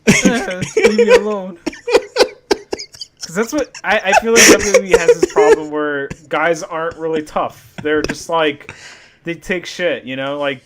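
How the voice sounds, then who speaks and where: A man's voice: a little high, very animated, normal speed, very noisy. A young man co-hosting a casual wrestling podcast, joking, swearing and mimicking people in silly voices. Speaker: podcast co-host.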